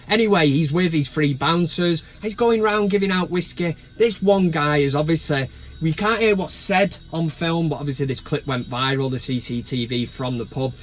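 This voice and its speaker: Blunt, sweary man. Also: fairly high pitch. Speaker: football fan channel host. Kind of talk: casual vlog commentary.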